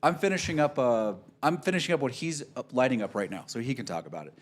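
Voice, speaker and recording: A man's voice: mid-range voice, fast talker. A man casually telling a long golf story, swearing freely and acting out what people said. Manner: animated, profane storyteller who acts out quotes.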